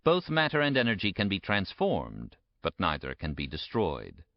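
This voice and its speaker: A man giving a measured, emphatic audiobook narration. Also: sits low, huge pitch swings, vocal fry, no room sound. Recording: dry, dull lo-fi recording.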